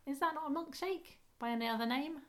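A woman's voice: high voice, quick pace, a bit bright. A woman co-hosting a podcast, chatting casually with hesitant restarts. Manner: chatty, hesitant, laughing often. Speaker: podcast co-host. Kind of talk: casual chat recapping a sitcom.

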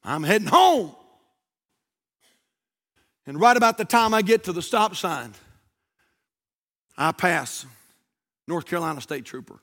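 Preacher, male, folksy and animated, highish bright tone, storytelling sermon. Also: unhurried, long pauses. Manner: folksy, animated, says "man" often. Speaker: pastor.

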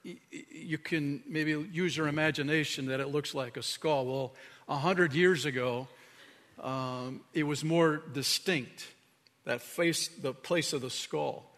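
A man's voice: a little high, steady tone, unhurried. Male pastor preaching in a reverberant hall. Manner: earnest preaching, drops to a hushed tone for emphasis. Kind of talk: sermon.

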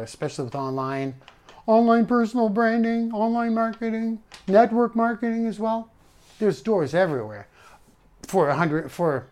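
A man's voice: fairly high pitch, a little mellow. A man hosting a live stream, giving a rambling motivational talk on earning money, emphatic and often repeating his phrases. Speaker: online business coach hosting a live stream.

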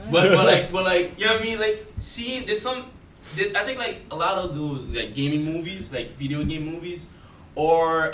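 A man's voice: a little high, a bit bright. A man with a non-native English accent, rambling in a casual chat, full of fillers and laughs. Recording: roomy, distant mic, faint noise.

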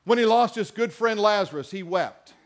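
A man's voice: sits high, animated, normal speed. A man preaching a sermon, reading scripture and mixing in conversational asides and questions to the congregation. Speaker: pastor.

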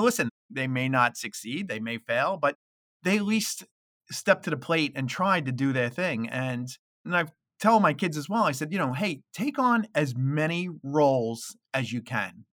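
Middle-aged man with a bright, dry voice. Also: on the high side, lively intonation, normal speed, no room sound. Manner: casual, filler-heavy storytelling. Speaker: guest. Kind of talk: interview answers.

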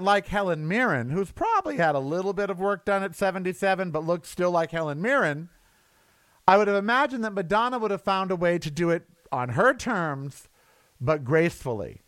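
Man in his sixties, podcast host, campy chatty monologue, slightly high voice, dry close sound. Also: fairly bright tone, clear, resonant tone, dry recording. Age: 60s. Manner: chatty, campy, laughs at own stories. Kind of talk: casual solo podcast monologue.

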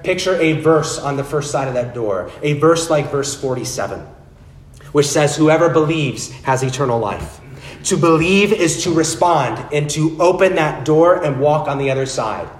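A man's voice: medium pitch, roomy sound. A male pastor preaching a sermon, speaking earnestly and addressing listeners directly.

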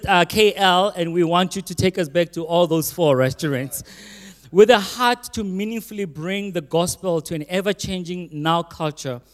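A man hosting a church service, reading out a guest's bio with teasing asides. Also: fairly high pitch. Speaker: church host introducing the speaker. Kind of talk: reading a speaker introduction. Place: church auditorium. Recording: long hall reverb.

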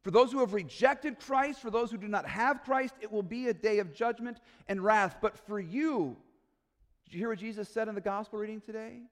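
A man's voice: high-pitched, normal speed, in a large hall. A man preaching a sermon in a church, earnest and pleading, building to emphatic peaks. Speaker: pastor.

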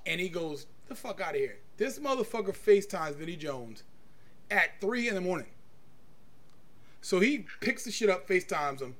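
A man's voice: sits high, big pitch swings, moderate pace, pauses often, a bit bright. A man hosting a podcast, chatting casually and telling rambling, profane stories. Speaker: podcast host. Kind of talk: casual chat.

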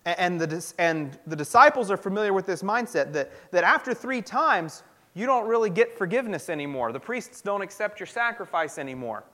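A man with a notably high voice delivers a sermon as a pastor. He talks in an earnest, conversational way and often circles back to restart his sentences. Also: animated, a little fast, fairly bright tone.

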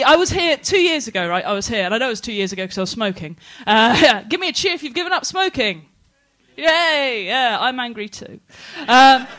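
A woman's voice: on the high side, fairly bright tone. Brash English woman doing stand-up. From England. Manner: brash, bawdy, quick punchlines with frequent laughs. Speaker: stand-up comedian. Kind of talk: stand-up set on a live stage. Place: live comedy stage with an audience.

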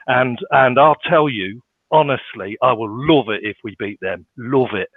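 A man's voice: mid-range voice, a little slow, no echo. A man doing an impression of an indignant middle-aged football manager in a northern English accent, emphatic and repeating his point. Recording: tinny dry phone-line sound.

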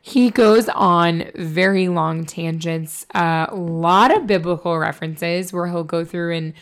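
Creaky, hoarse woman chatting bluntly. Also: fairly low pitch, steady tone, takes it slowly. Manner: blunt, sweary, rambling with many fillers. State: hoarse from a cold. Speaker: podcast co-host. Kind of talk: casual chat.

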